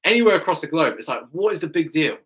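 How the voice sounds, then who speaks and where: A man's voice: a little high, lively intonation, fast, a bit bright. A man with an English accent, a fitness coach chatting enthusiastically with viewers on a live stream Q&A, often tagging his sentences with "right?".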